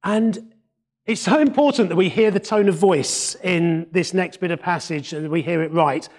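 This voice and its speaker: A man with a fairly high voice preaches a sermon in a conversational, expressive way. He slips in wry asides and sinks to a near-hush to stress key words. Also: moderate pace. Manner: expressive, varies tone and drops to a hush for emphasis.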